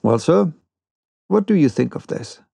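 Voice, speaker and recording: A man reading the part of a stern, proud older sea captain in an audiobook, with a cold, quiet and ironic manner. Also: on the high side, sing-song, unhurried, creaky, dry recording, exaggerated voice.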